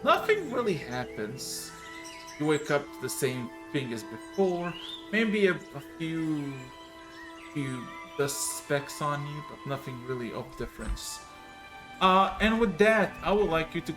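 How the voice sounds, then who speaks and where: A man narrating a tabletop game as game master, speaking very slowly and stopping often to search for words. His voice sits a little high, with faint music behind him. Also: lively intonation. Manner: hesitant, many filler sounds.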